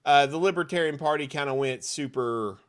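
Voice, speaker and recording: A man co-hosting a sports podcast in casual chat, sarcastic and quick to swear, laughing often. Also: on the high side, smooth. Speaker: podcast co-host.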